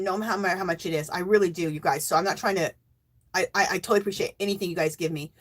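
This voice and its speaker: A middle-aged woman hosting a casual livestream, emotional and teary, thanking viewers by name and cheering with loud whoops. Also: mid-range voice, quick pace. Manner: thanks donors warmly by name. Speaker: livestream host.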